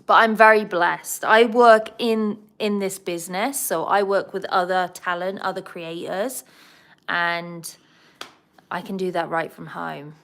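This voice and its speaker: A middle-aged southern English woman hosts a relaxed livestream and chats freely while she reads out and answers viewer comments. Her voice sits a little low for a woman. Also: measured pace. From England. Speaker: host of a pet livestream. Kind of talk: casual livestream chat.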